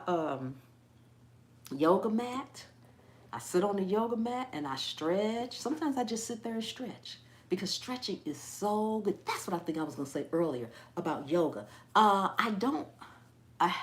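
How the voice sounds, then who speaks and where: A woman hosting a casual live stream, hyper and animated, often laughing and mimicking people. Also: medium pitch, normal speed. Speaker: gardening channel host.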